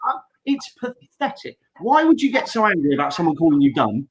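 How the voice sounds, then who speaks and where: Guy on a wrestling podcast, high voice that jumps all over, bit of hiss behind. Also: a little fast, low-quality recording. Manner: animated, mocks quotes in put-on voices. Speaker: podcast co-host. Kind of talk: casual wrestling chat.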